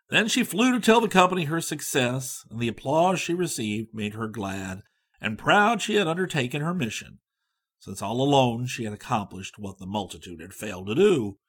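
A man narrating a storybook in an expressive, varied reading. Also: mid-range voice, breathy edge.

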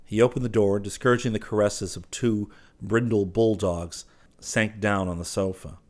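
Male audiobook narrator, low voice, calm measured storytelling. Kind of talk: scripted narration.

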